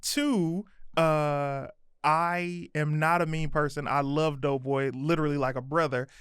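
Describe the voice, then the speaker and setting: A man's voice: a little high, unhurried, clean tone, dry recording, clean studio sound. A man co-hosting a podcast, chatting casually and telling stories with bursts of laughter. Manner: animated storyteller, loud laughing outbursts. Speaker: podcast co-host. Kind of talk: casual podcast chat, storytelling.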